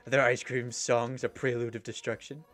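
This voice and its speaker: Brash female fish warrior captain, read by a man, mid-pitched, blunt, faint game music under it. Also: level tone, normal speed, natural voice. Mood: blustery. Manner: loud, boastful, blunt. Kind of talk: reading game dialogue aloud.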